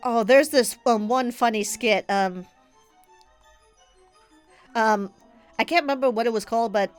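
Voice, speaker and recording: A woman streaming a game, chatting casually with a stuffy nose, giggling and rambling through stories. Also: fairly high pitch. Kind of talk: casual live-stream chat.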